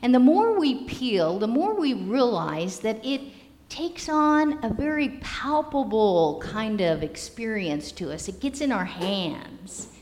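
A woman pastor giving a sermon in a measured, storytelling manner. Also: a little high, very animated, darkish tone. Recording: long reverb of a hall.

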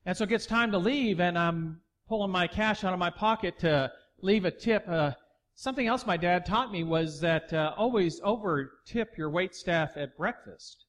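A middle-aged pastor preaching a sermon, telling a story and acting out the dialogue before building to emphatic preaching. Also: male voice, high-pitched, normal speed.

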